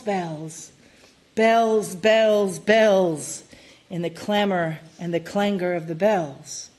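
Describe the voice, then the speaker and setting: A woman reads a poem aloud at a service with full theatrical drama. She takes her time, lingering over each line, and her voice leaps to loud cries, then sinks to near whispers. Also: medium pitch. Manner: theatrical, swinging from loud cries to hushed murmurs. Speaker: poetry reader at a worship service. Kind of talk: dramatic poetry recitation.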